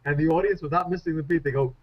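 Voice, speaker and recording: Animated male speaking coach, muffled radio. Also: a little high, rapid-fire. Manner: animated, self-deprecating storyteller. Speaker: guest, public speaking coach. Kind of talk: conversational radio interview. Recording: muffled radio show audio.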